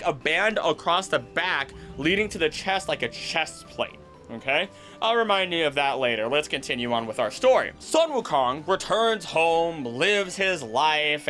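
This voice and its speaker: A man hosting a video, explaining myths in an animated, jokey, tangential way. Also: fairly high pitch. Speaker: voice actor and video host. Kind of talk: casual explanatory commentary.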